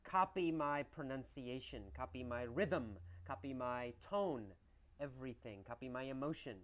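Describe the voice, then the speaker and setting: Male English teacher, lively storytelling delivery, answers his own questions, slightly muffled lo-fi recording. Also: mid-range voice, moderate pace. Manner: animated, exaggerated storytelling with repeated questions and answers.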